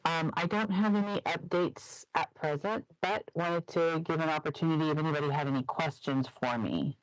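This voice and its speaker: A man's voice: on the high side, moderate pace, dry recording, low-quality recording. A man joining a meeting remotely from his office, giving a polite, friendly brief update. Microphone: remote call.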